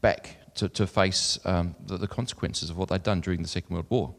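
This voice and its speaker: A man's voice: low voice, fairly even intonation, a little fast, gravelly. Man preaching in a reverberant hall. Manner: earnest, reads scripture aloud with rising emphasis; conversational asides with fillers. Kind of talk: sermon.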